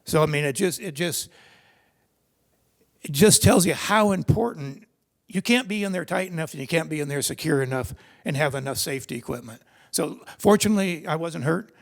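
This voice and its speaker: A man's voice: on the high side, expressive, normal speed, creaky. An older man speaking at a seminar, telling personal racing stories in a rambling, conversational way with many restarts. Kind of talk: personal storytelling talk. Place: seminar hall.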